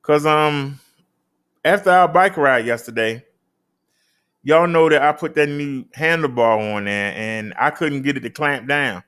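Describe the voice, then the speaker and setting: A man's voice: measured pace, a bit bright, smooth. A man hosting a casual show, reading out daily figures and chatting. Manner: emphatic, swoops up high on key numbers. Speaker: host.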